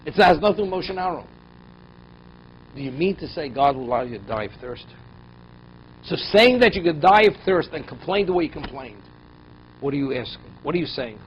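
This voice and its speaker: A male rabbi teaching a class, reading verses aloud and then unpacking them with pointed questions. His voice sits somewhat high and keeps jumping up and dropping low for emphasis. The recording is dull and lo-fi, with faint noise underneath. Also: expressive, brisk, long pauses. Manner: reads Hebrew verses, then explains in English with rhetorical questions; voice rises and drops sharply for emphasis. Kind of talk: Torah class, translating and explaining verses.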